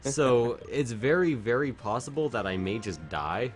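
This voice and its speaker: A man's voice: medium pitch, lively intonation, measured pace, faint music behind. A man streaming a video game while drunk, chatting casually, rambling and swearing a lot.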